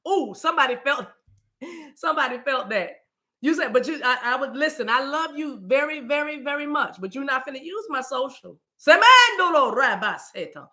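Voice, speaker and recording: Lively, bright-voiced spiritual woman host. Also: high voice, normal speed. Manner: animated, playful, breaks into chant-like sounds. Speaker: spiritual reader hosting a live stream. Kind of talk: casual live-stream talk with chat.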